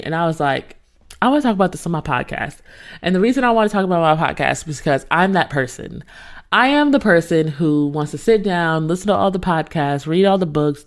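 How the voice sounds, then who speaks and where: A woman in her thirties hosting her own podcast, telling a story in a casual, expressive way and talking straight to her listeners. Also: lowish voice. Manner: animated, expressive, talks to listeners directly. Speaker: podcast host.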